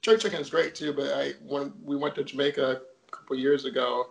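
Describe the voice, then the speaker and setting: A man talks casually with a gravelly, creaky edge and a flat, even pitch. He speaks with enthusiasm but restarts his sentences often. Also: a little fast, slight background noise, rough recording. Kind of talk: casual conversation.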